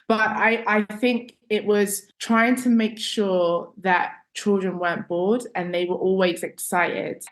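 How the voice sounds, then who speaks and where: A woman guest in a casual interview, talking in a lively, chatty way and telling stories with a laugh in her voice. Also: lowish voice. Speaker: guest author.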